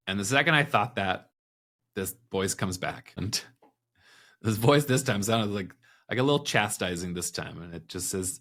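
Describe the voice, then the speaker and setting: A man's voice: lowish voice, normal speed. A man, a podcast guest, candidly retelling a personal experience, acting out the thoughts and voices in it. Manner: candid, animated retelling with quoted inner dialogue. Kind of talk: personal storytelling in an interview.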